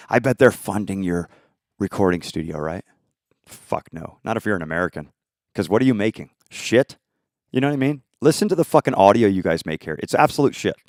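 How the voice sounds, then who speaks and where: A man in an angry, profane, unscripted rant, swinging between shouting and muttering. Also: on the low side, no echo, clean studio sound.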